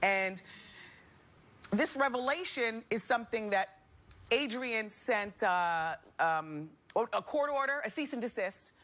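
A woman's voice: on the high side, lively intonation, slow pace, a bit bright. A woman from New Jersey hosting a talk show, chatting animatedly and laughing often in a studio with an audience. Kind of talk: talk show gossip commentary.

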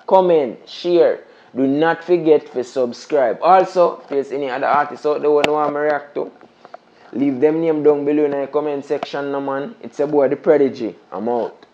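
A man with a Jamaican accent giving an excitable, patois-heavy reaction commentary, repeating "you see me, I say". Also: fairly high pitch, muffled recording. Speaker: music reaction host.

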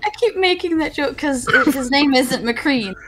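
Giggly, lively woman on voice chat. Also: sits high, measured pace. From American South. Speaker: streamer and voice actor. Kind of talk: casual gaming chat with friends.

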